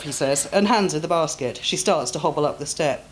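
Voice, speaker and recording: Low-voiced woman reading her fiction aloud. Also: background noise. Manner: measured, expressive storytelling. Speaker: author. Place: live reading event.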